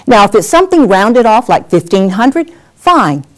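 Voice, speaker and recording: A middle-aged woman teaching a workshop on presenting on camera, animated and acting out examples as she talks. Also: a little high, normal speed. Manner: lively, animated, acts out examples. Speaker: on-camera skills coach. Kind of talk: workshop lesson.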